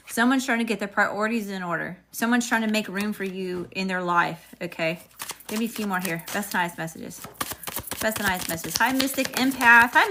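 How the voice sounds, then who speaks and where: A woman's voice: on the high side, noisy background. A woman doing a live tarot reading, chatting with viewers and calling out upbeat greetings. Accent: regional accent, unnamed. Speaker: tarot reader.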